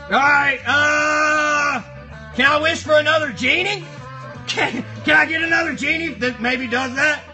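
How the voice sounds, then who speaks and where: A man's voice: very high voice, pushed and bright, exaggerated voice. A man voicing a rowdy, foul-mouthed cardboard box monster, bantering crudely with a live stream chat.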